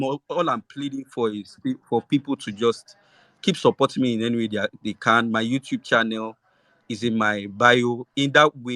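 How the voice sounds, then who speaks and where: A man speaks haltingly, stopping often for ums and restarts. His voice is bright and forceful in tone, though his pitch stays in an ordinary middle range. The sound is dry and close. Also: no echo. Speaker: guest author. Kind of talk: emotional thank-you speech.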